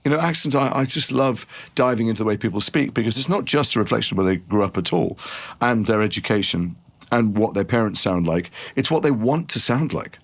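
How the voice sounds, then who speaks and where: A middle-aged man from Liverpool with a softened Liverpool accent, telling long rambling stories in a podcast interview. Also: on the low side, brisk. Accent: refined Liverpool English. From Liverpool, England. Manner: rambling, animated storyteller with many restarts. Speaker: actor guest.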